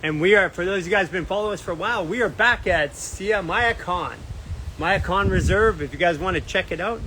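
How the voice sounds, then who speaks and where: A Canadian man runs a cheerful, relaxed live stream outside by a beach, reading out comments and where his viewers are from. He speaks a little fast in a high-sitting voice against a noisy background.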